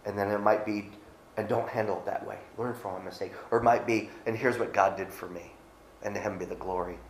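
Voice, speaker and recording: A man's voice: lowish voice, steady tone, brisk, echoey room, a little hiss or hum, rough recording. A middle-aged male pastor giving a sermon, reading scripture aloud and speaking conversationally with frequent restarts.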